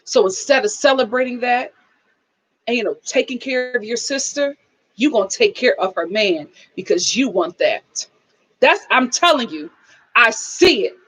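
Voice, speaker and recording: Woman host of a live review stream, sassy and scolding, high voice that swings widely. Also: lively intonation, moderate pace, a bit bright, husky, rough recording. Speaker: show host. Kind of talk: live reality-TV review, casual chat.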